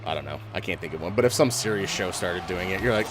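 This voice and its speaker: A man chatting casually with friends while playing a game online, talking loosely and swearing, thinking out loud as he goes. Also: deep voice, expressive, quick pace, noisy background. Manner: loose, profane, thinking aloud. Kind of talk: casual chat over game voice chat.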